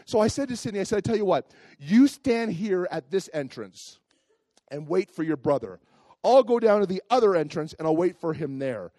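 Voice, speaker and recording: A man preaching a sermon, telling a personal story in an animated way and acting out the voices of the people in it. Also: sits high, moderate pace, dry recording. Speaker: pastor.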